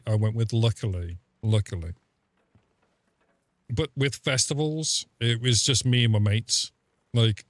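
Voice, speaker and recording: A man's voice: mid-range voice, no room sound. A man chatting casually on a game stream, telling rambling, sweary stories full of fillers. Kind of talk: casual live-stream chat.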